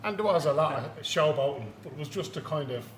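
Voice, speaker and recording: A man's voice: a little high, expressive, fast, slight background noise. Laughing, swearing Irish man in an echoey room. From Ireland. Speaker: guest at a beer tasting. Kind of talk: casual chat.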